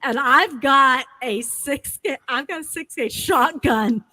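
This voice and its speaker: A middle-aged woman talks slowly in a high, bright voice, teasing and laughing as a guest. Her tone is light and playful. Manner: teasing, laughs between lines. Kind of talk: casual chat.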